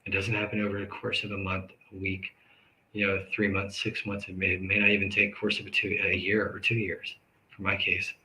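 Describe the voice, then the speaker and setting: A man hosting a live talk show, speaking earnestly and conversationally about grief and forgiveness, with sudden loud outbursts and quick asides. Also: low voice, monotone, rough recording.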